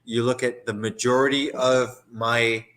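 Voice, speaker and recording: A man's voice: medium pitch, level tone, measured pace, a bit bright. A man on a live-stream video call, rambling and swearing angrily, sounding sedated from medication. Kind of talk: heated live chat.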